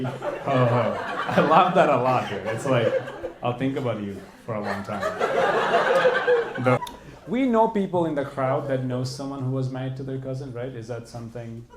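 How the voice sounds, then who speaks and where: A young male stand-up comic working the crowd with teasing, quick banter. His voice fills an echoey club. Heavy audience noise sits behind him. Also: medium pitch, animated. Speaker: stand-up comedian. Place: comedy club stage. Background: audience laughter.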